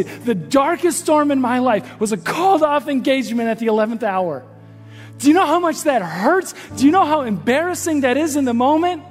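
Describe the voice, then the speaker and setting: Pastor, male, high-pitched; earnest sermon delivery over faint music. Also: in a large hall. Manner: impassioned preaching that drops to a hushed prayer.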